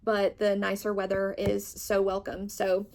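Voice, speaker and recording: A woman's voice: mid-range voice, completely flat delivery, measured pace, creaky, a little mellow. A young woman chatting casually as a book vlogger, bubbly and gushing, with lots of fillers. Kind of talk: casual chat.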